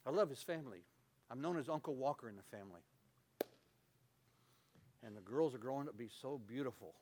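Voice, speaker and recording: A man preaching a sermon as pastor, telling stories and swinging from loud to quiet. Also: medium pitch.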